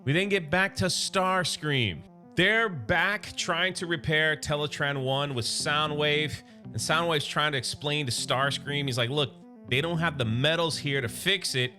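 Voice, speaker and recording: Casual male comics recapper, high and bright voice, excitable and chatty, faint music underneath. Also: unhurried. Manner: excited, chatty storyteller paraphrasing characters. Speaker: comic book recap YouTuber.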